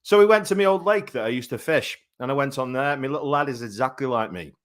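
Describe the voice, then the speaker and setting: A man's voice: mid-range voice, lively intonation, quick pace. A man in his thirties hosting a live boxing talk show, chatty and rambling with many fillers. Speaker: boxing show host and commentator.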